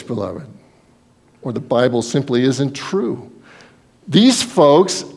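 A male pastor with a fairly high-pitched voice preaches emphatically to his congregation. He asks rhetorical questions, his delivery alternating between loud and hushed.

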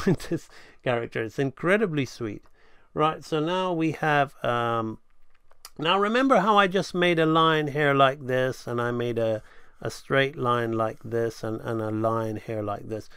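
Gravelly man teaching drawing. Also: medium pitch, fairly bright tone, no room sound, studio quality. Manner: rambling, thinks aloud, restarts often. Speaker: animation instructor. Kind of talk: live drawing tutorial. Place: home drawing setup.

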